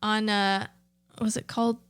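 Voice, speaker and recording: A young woman co-hosting a podcast, chatting casually in an animated, giggly way and swearing freely. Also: medium pitch, moderate pace, smooth. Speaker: podcast co-host. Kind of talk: casual chat.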